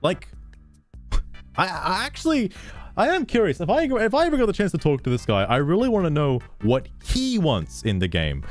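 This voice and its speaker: A male streamer talks back at a video he is watching, sarcastic and quick to swear. His pitch swings widely between a low grumble and high, mocking questions. Faint music plays under his voice. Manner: sarcastic, swears often, laughs a lot. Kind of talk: profane live-stream reaction commentary.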